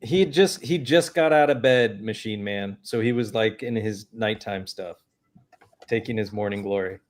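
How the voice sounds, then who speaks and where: A man's voice: fairly low pitch, normal speed. Laid-back man making wry remarks. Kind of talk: casual chat.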